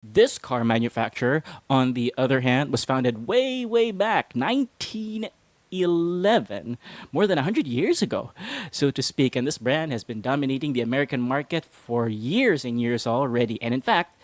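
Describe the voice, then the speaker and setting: A man leads a casual English pronunciation lesson. His voice sits at an ordinary middle pitch and is recorded dry and close. He talks playfully, chuckling as he coaxes listeners to repeat after him. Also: animated, moderate pace, dry recording. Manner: playful, chuckles often. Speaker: English pronunciation teacher and host.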